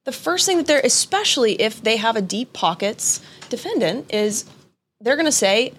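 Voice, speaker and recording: Husky woman lawyer chatting on a podcast, easygoing. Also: fairly high pitch, animated, moderate pace. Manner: brief agreeing reactions. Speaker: attorney co-host. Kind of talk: casual chat.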